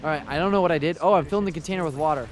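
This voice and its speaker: A man's voice: on the high side, racing, a little hiss or hum. A young man co-hosting a gaming video, playful and teasing, chatting casually over gameplay and laughing often. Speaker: gaming channel co-host.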